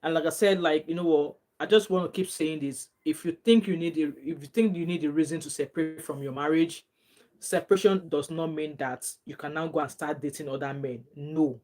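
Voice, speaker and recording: A woman's voice: low-pitched, fairly quick. Chatty Nigerian woman vlogger. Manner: chatty and animated, laughs often, drops into Nigerian Pidgin phrases. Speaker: gossip vlogger. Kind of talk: casual chat reading viewer comments.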